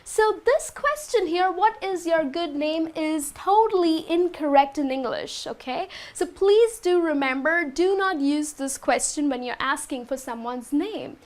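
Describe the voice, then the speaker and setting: A woman's voice: high voice, expressive, a little slow, hardly any pauses, a little mellow. A young adult woman teaching an English lesson, explaining step by step and checking in with "okay?" after each point.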